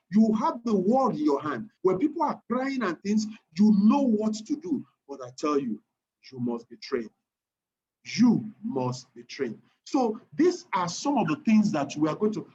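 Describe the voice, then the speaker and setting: A man with a Nigerian accent leads an online trading lesson. His voice sits high and swings widely in pitch as he repeats points and checks on his listeners. The recording is muffled and lo-fi, with faint noise underneath. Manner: animated, repeats phrases, keeps checking the audience. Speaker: trading instructor. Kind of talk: online class lecture.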